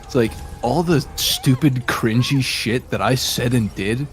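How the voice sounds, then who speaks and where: A young man chatting casually during a game stream, relaxed and wry. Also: medium pitch, unhurried, slight background noise. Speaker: co-player. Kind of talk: casual gaming chat.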